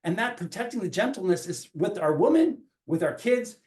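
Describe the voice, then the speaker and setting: A man's voice: high-pitched, animated, moderate pace, a little mellow. A man in his forties, a coach talking earnestly in a reflective podcast, often restarting his phrases as he thinks aloud. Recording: roomy echo.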